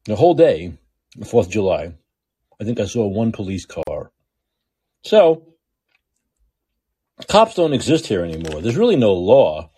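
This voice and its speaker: A man with a New York accent delivers a political commentary monologue, hammering his points home by saying them again and again. His voice sits fairly low, with a husky edge and a warm, dark tone, and his pitch swings widely as he presses each point. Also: big pitch swings, unhurried, pauses often. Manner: emphatic and repetitive, restating points. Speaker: show host.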